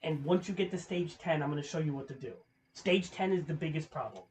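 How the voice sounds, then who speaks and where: A man's voice: a little high, fast talker, a little mellow, slight background noise. Profane rambling man commenting on gameplay. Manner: profane, rambling, restarts words often. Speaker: gaming channel host. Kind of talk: casual gameplay commentary to a viewer.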